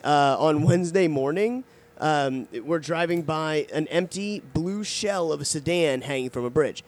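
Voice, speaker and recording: Man, casual podcast co-host, slightly higher voice, chatty, laughing asides. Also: a little slow. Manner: reads news aloud with laughs and asides. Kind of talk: casual chat.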